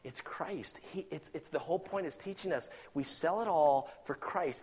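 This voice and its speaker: A man delivering a fervent sermon in a fairly high voice. He climbs to loud, emphatic peaks, then drops to quiet, earnest asides. Now and then he slips into the voices of imagined doubters. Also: normal speed, hardly any pauses, husky. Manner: acts out imagined objectors in quoted voices. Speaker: preacher.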